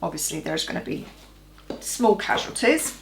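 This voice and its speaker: A woman's voice: on the low side, big pitch swings, moderate pace, creaky, reverberant, noisy background. A woman host giving chatty, practical step-by-step cooking instructions in her home kitchen. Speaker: cooking vlogger. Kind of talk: casual cooking demonstration.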